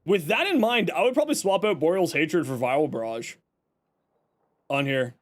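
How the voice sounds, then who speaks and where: A man's voice: fairly high pitch, expressive, moderate pace. A man from Canada live-streaming, chatting with viewers and reacting with joking exasperation. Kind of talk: casual live-stream chat.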